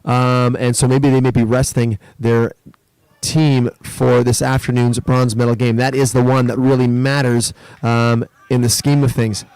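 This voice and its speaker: Guy calling a school rugby match, bit of fry in his voice, explains the plays, gets louder on big runs. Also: level tone, unhurried, dry recording. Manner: explanatory, lifts pitch and volume during play. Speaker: rugby commentator. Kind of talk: live sports commentary. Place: school sports event.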